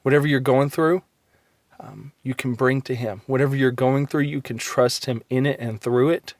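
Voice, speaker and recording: A man's voice: medium pitch, fairly even intonation, normal speed, no echo. Earnest man, dry close sound. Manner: earnest, encouraging, with frequent ums and restarts. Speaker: Christian encourager. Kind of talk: short devotional talk.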